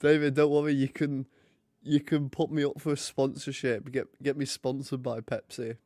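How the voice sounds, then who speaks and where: A man's voice: medium pitch, little pitch movement, normal speed, a little mellow, no room sound, studio quality. A young man chatting and joking casually while hosting a live hockey watch party. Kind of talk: casual live commentary and chat.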